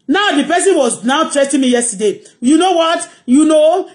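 A Nigerian woman with a Yoruba accent hosting her own live stream, ranting excitably and mixing English with Yoruba. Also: high-pitched, moderate pace. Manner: excitable, switching between English and Yoruba, bursts of shouting and laughter. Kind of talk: animated live-stream rant.

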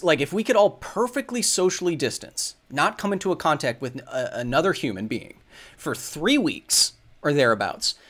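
A man's voice: fairly high pitch, fairly bright tone. A man in his thirties hosting a casual livestream Q&A, answering viewer questions about science. He thinks aloud and rambles, with many fillers and restarts.

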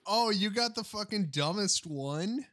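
A man's voice: sits high, animated, a little slow, bright, forceful tone, dry recording, studio quality. Profane, mock-furious ranting young man. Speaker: streamer. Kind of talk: comic ranting stream.

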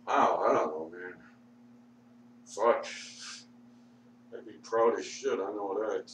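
A man mutters and swears through a rambling rant, slow and low-pitched. He sounds sore and strained. The recording catches him from across an echoey room over a faint hum. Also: fairly bright tone, far from the mic. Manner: profane, muttering and grumbling. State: sore, struggling to talk. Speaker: vlogger.

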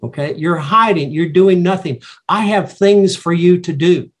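A stern, firm God figure rebukes a hiding prophet, as a man puts him on in a husky, slightly raised voice. The delivery stays close to a preacher's own voice, with a plain scolding edge. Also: sits high, normal speed.

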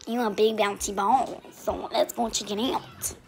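A woman playing a bratty, self-absorbed young vlogger who talks in a whiny, petulant, deliberately clueless way. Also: medium pitch, fairly even intonation, creaky, faint music behind. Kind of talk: comic character vlog.

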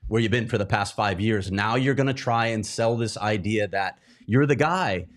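A man's voice: lowish voice, moderate pace. A man co-hosting a sports talk show, firing pointed, incredulous questions. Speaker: sports reporter and co-host.

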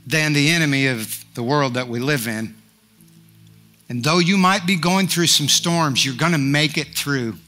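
A man's voice: fairly high pitch, expressive, normal speed, bright, forceful tone, faint music behind. A male pastor preaching a sermon, fervent and declaring, rising to emphatic peaks.

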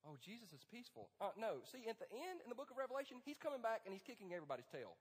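High-voiced preaching man, big hall. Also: rapid-fire, few pauses, slightly rough. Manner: animated, joking, preaching to men. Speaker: pastor. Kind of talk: sermon. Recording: long hall reverb.

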